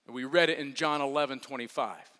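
A man preaching a sermon as pastor, earnest and repetitive, swinging from hushed to emphatic. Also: medium pitch, fast talker. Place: large church hall. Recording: long reverb of a large hall.

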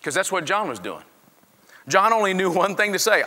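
A man preaching a sermon, swinging from quiet talk to loud, animated shouting. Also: high voice, quick pace, big-room sound. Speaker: pastor.

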